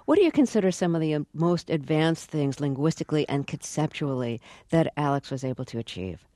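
An interviewer asking measured, slightly halting questions. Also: mid-range voice, animated, dark tone, no echo, studio quality.

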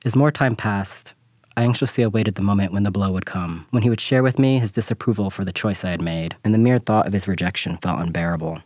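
A man narrating a scripted personal essay in a measured, reflective way. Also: fairly low pitch, a little mellow, no echo.

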